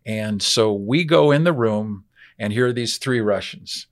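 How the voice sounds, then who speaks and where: An older man, a biblical archaeologist, telling a lively anecdote as a podcast interview guest. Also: lowish voice, a little slow. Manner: animated anecdote-telling, acts out voices.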